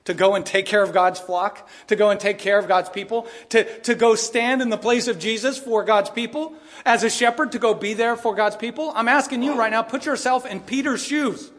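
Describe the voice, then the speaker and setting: A man's voice: high-pitched, fairly quick, a bit bright, big-room sound. A middle-aged male pastor preaching a sermon, firing rhetorical questions and briefly mimicking other voices.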